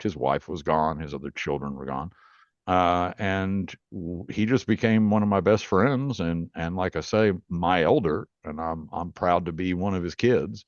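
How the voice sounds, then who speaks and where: A man's voice: sits low, no echo, muffled recording. A male rootworker and author, a podcast guest, telling his story in a plainspoken, earnest, rambling way.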